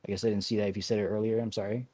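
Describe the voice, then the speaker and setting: A man leading an online game raid, giving relaxed instructions with many fillers and restarts. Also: lowish voice, very fast. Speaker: raid leader. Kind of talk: casual instructions over voice chat.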